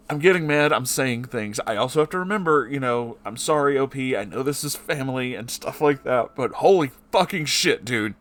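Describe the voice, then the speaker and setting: A man reading a story aloud and often breaking off to swear and react angrily. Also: mid-range voice. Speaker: story reader.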